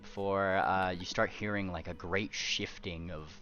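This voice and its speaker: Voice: deep voice, fairly even intonation, unhurried, a bit bright, lo-fi sound, faint music behind. A game master narrating a tabletop game who laughs often and stumbles over restarts.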